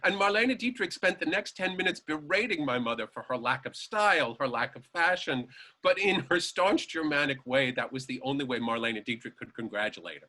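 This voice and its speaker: A man telling lively anecdotes as an interview guest, acting out the voices of the people he quotes and laughing along. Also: a little high, brisk. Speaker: guest storyteller.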